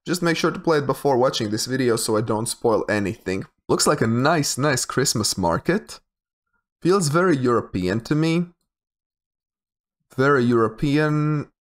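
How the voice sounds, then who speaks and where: A young man giving casual commentary while he plays a geography guessing game, thinking aloud with hesitant, repeated words. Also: medium pitch. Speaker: game streamer.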